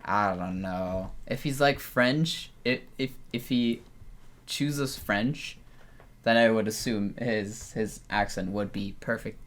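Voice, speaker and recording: A man with a somewhat low voice talks loosely about movies, and his thoughts wander as he goes. He trails off, restarts, and leans on "like" constantly. It sounds like relaxed back-and-forth between co-hosts. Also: takes it slowly. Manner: rambling, lots of "like" and restarts. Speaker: film podcast co-host. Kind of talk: casual film discussion.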